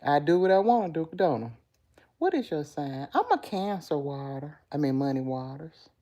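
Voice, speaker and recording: Middle-aged woman, low voice but super animated pitch, chatting with her livestream viewers. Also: moderate pace. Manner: talks straight to viewers, reads and answers chat comments. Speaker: livestream host. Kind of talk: casual live-stream chat.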